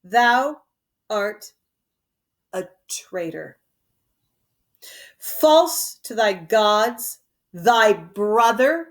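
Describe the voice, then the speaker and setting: A woman voicing a defiant young nobleman, slow declamatory verse, a bit high. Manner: declamatory, deliberate. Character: vengeful young nobleman challenging his treacherous brother. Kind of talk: dramatic reading of verse.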